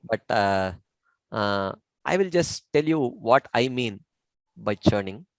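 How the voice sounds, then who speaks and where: A man teaching scripture in an informal discussion, measured and explanatory, with many fillers. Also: fairly low pitch, expressive, gravelly, no room sound, rough recording.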